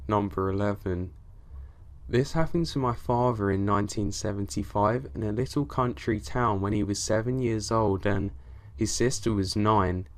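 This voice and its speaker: A man's voice: lowish voice, normal speed. A man reading true scary stories aloud as a narrator, with dramatic delivery that rises in tense moments.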